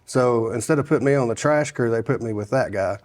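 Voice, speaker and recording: A man's voice: mid-range voice, a little fast, a little mellow. A man from telling his life story in a casual interview, rambling with many restarts and quoting the people he met. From Sevier County, Tennessee. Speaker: guest sharing his testimony.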